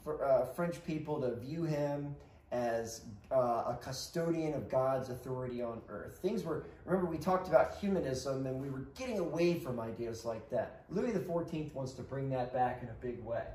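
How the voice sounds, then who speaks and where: A man's voice: medium pitch, moderate pace, a little mellow, a little hiss or hum. A man teaching a casual co-taught history lesson, conversational and often checking in with listeners. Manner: conversational, checks in with frequent "right?". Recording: roomy sound, mic at a distance.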